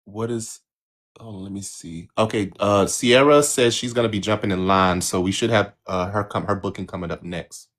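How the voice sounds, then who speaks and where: A man's voice: on the low side, steady tone, normal speed, fairly bright tone. A man co-hosting a live spiritual reading stream, talking in an agreeable, reflective way that rambles with restarts. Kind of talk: casual live-stream chat.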